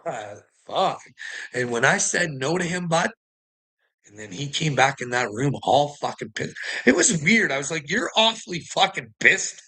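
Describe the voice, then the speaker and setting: A man's voice: a little high, big pitch swings, normal speed, bright, forceful tone, breathy edge, rough recording. A man ranting in a casual chat to a friend, agitated and heavy on profanity, laughing often between lines. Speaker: person telling his story.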